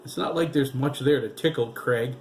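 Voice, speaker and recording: Man reading as a hot-tempered teenage brother, loud and protesting. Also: medium pitch, moderate pace, slight background noise, close to an everyday voice. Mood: indignant. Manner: blustery, protesting.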